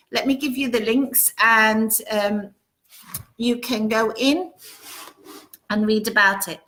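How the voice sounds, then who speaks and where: Woman, live chat host, casual, greets viewers by name, bright forceful voice, roomy echo. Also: mid-range voice, slight background noise. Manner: greets viewers one by one, reading out comments. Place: home.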